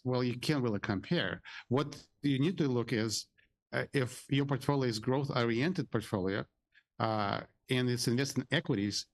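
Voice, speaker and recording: A man who is a financial adviser, speaking as a radio guest in a chatty, relaxed way and telling anecdotes. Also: mid-range voice. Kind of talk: casual radio talk with anecdotes.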